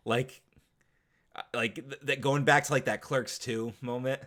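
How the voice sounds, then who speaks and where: A man's voice: medium pitch, measured pace, long pauses. A man co-hosting a casual podcast, recapping a film with lots of swearing, laughter and acted-out quotes. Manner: animated, swears a lot, acts out movie quotes. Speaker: podcast co-host. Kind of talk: casual chat.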